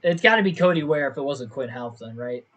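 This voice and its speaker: A man's voice: medium pitch, expressive, brisk, a bit bright. A young man casually commentating his own livestream, thinking aloud and second-guessing himself as he talks to his viewers. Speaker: gaming livestreamer.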